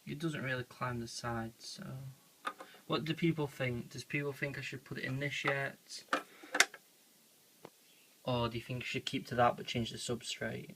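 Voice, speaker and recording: A quiet, laid-back speaker, casually narrating a pet-feeding vlog into a handheld camera at home. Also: mid-range voice, fairly even intonation, moderate pace, pauses often, slight background noise, rough recording. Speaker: hobby pet keeper filming feedings. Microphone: handheld camera mic.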